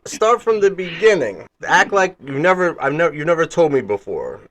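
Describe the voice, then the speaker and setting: A man interviewing a friend, prompting him with halting questions. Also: fairly high pitch, big pitch swings, a bit bright. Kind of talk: casual conversation.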